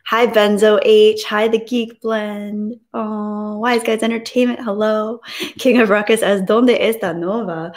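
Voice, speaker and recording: A woman hosting a casual live stream, greeting viewers and reading their messages aloud, soft and reflective when she talks about grief. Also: mid-range voice, level tone, measured pace.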